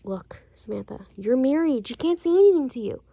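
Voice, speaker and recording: A woman voicing a calm, affectionate young husband who soothes his wife in a doll-play story. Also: sits high, a little fast, no room sound. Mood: soothing. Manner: soothing, reassuring.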